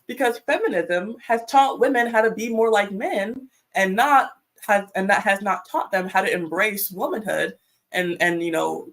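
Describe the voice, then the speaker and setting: A woman's voice: mid-range voice, normal speed, a bit bright, rough recording. A woman speaks as a guest on a casual panel. She talks in a chatty, rambling way with lots of fillers. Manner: chatty storyteller with many fillers.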